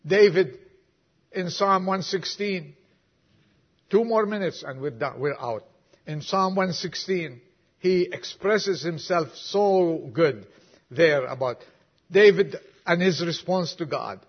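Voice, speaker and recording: Gravelly, husky preacher man, slow and soft. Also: a little high, animated. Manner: reads poem softly, sinking to a whisper, then preaches with rising fervor. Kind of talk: sermon. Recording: dull lo-fi recording.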